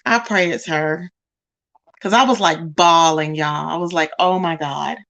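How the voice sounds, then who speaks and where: A woman's voice: low-pitched, measured pace, fairly bright tone. A woman hosting a casual livestream, chatting straight to her viewers and calling them "y'all" and "child". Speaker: livestream host.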